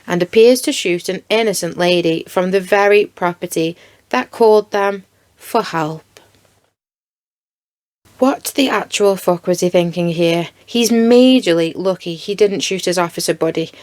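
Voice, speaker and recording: A woman's voice: fairly low pitch, darkish tone. A woman giving blunt, indignant commentary over video footage and swearing freely. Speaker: true crime commentator.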